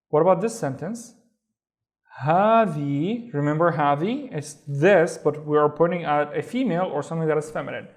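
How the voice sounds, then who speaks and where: A male teacher with a somewhat high voice walks beginners through a reading lesson. He speaks slowly and patiently, sounding out each syllable and repeating every word several times. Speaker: language teacher.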